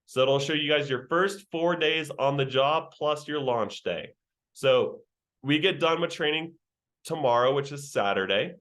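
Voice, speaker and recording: A man's voice: a little high, unhurried, a bit bright. A young man leading a virtual sales training session over a video call, talking in slang and joking with the trainees.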